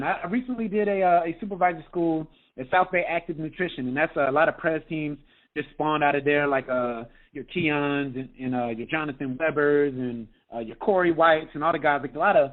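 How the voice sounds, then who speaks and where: A man, a health coach, giving an energetic motivational talk on a group call, often checking in with "okay?". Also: a little high, a little fast. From United States. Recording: tinny phone line.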